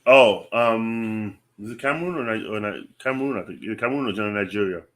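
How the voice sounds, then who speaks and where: A man with a fairly low voice co-hosting a casual sports show. He talks in a laid-back way, fills pauses with ums, and drops in agreeing mm-hmms while the other host speaks. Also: a bit bright. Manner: laid-back, thinks aloud with ums, lots of mm-hmm. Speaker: podcast co-host.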